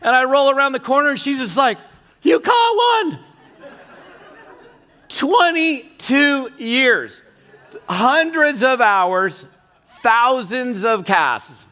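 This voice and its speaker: A middle-aged man speaking from a conference stage in a high, ringing voice. He tells folksy stories in an animated way and acts out the people he quotes. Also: slow. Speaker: keynote speaker. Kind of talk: motivational keynote storytelling.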